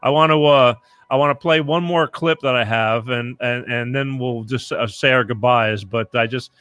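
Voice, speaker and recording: A man's voice: mid-range voice, normal speed, a bit bright, clean tone, dry recording. A man hosting a podcast in casual interview chat, rambling and frank, with lots of restarts and the odd swear. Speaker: podcast host.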